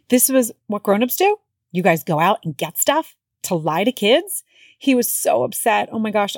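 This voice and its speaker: A woman's voice: mid-range voice, a little mellow, no echo. A woman in her thirties or forties, a mother hosting a podcast, telling a story casually with lots of fillers and self-corrections.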